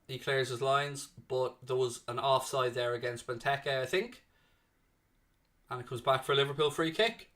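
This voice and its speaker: This young man hosts a live watchalong for fans, speaking at an ordinary speed in a mid-range voice. Between excitable calls of the play, he chats with viewers and reads out their messages.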